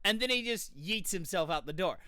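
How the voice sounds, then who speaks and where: An enthusiastic streamer tells a story in casual live-stream chat. The pitch swings widely, and the bright, clear voice carries a lot of energy. The sound is close and dry. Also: animated, brisk, no echo.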